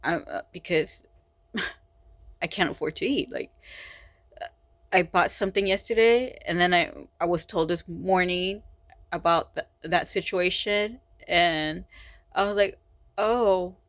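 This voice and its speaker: A woman speaking in a personal vlog, tired and frustrated, talking haltingly with many sighs and restarts. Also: fairly low pitch, no room sound. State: exhausted and frustrated. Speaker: vlogger.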